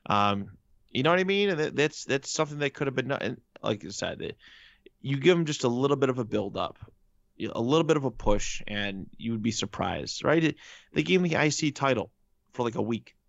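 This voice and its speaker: A man's voice: medium pitch, lively intonation, fairly quick, vocal fry, dry recording. A man in casual chat as a podcast co-host, talking emphatically and firing off rhetorical questions. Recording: dull lo-fi recording.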